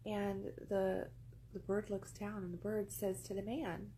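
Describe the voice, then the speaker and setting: Gravelly-voiced woman telling a rambling story. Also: medium pitch, flat delivery, measured pace, warm tone, a little hiss or hum, low-quality recording. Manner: rambling, repeats phrases for emphasis. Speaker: vlogger. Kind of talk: casual storytelling monologue. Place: indoors among pillows.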